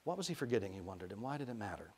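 A man from Arkansas, an author reading his children's novel aloud with lively storytelling narration. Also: fairly low pitch, very fast, slightly rough.

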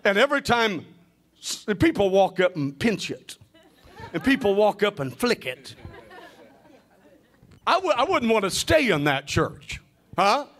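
A man with a very high voice preaches a sermon. He calls out questions and waits for the congregation to answer. He often climbs into shouts and sing-song phrases. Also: very animated, unhurried, pauses often, some chatter behind. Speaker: pastor.

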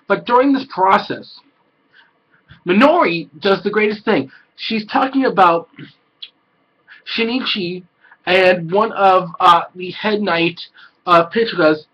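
A man giving an excitable, casual anime review, swearing a lot and breaking into loud exclamations. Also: sits high, husky, poor audio.

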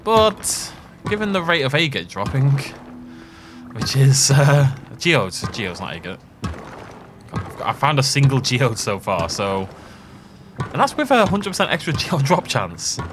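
A man's voice: medium pitch, huge pitch swings, measured pace, music in the background. A man giving chatty let's play commentary, thinking aloud and laughing often as he plays. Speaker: gaming channel host.

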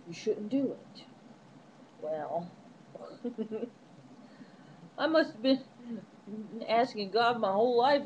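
A woman's voice: mid-range voice, a little mellow, a little hiss or hum, low-quality recording. A woman vlogging from a hotel room into her netbook webcam, chatty and rambling, laughing often. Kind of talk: casual webcam diary. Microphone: netbook webcam microphone.

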